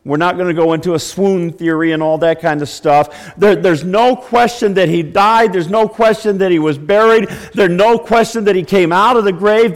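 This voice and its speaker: A man's voice: high voice, big-room sound. A man preaching a sermon as pastor, breaking into mock wailing when he acts out the crowd. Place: church.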